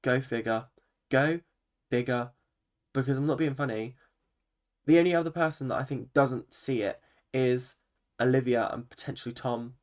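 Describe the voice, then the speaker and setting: A man talks straight into his own channel, recapping the latest reality TV episode in a loose, ranting way. He is opinionated and animated, swears freely and jumps between asides, and his voice sits at an ordinary middle pitch for a man. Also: moderate pace. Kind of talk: ranting reaction commentary.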